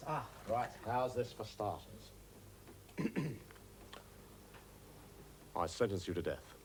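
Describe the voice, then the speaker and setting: A manic cheeky impostor on stage. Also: male voice, lowish voice, very noisy. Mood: playful. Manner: impish, quick-changing, clowning, playing to the audience. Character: manic mischievous male impostor, adult, restless and cheeky. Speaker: stage actor. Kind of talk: stage comedy acting.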